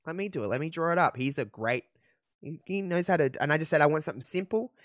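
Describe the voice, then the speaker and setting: A man's voice: a little high, quick pace, dry recording, studio quality. A man co-hosting a podcast, chatting casually in a rambling, self-deprecating way. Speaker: podcast co-host. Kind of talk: casual chat. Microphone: headphones and studio mic.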